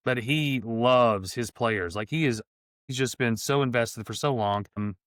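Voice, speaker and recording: Man, middle-aged, smooth, dry sound, enthusiastic rambling podcast chat. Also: mid-range voice, a little slow, a bit bright, no echo. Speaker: podcast co-host. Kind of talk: casual sports podcast chat.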